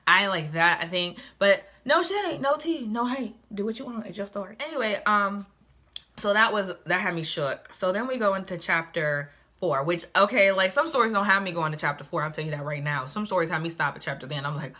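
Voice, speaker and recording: A young woman giving a casual, chatty book review, sassy and animated with lots of asides. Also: mid-range voice, a little fast.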